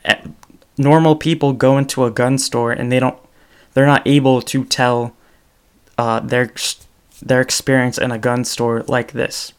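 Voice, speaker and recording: On his solo podcast, a young man rambles casually about storytelling, often saying um and starting over. He speaks unhurriedly in a medium pitch with little pitch movement and a clean tone.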